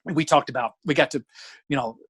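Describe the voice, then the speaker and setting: Over a video call with camera and ring light, this Alabama comic in his 40s spins stories as a podcast guest, performing each character's voice with gusto. He speaks at medium pitch, a bit fast and husky. The low-quality audio has no echo, recorded in a home room with a closet door.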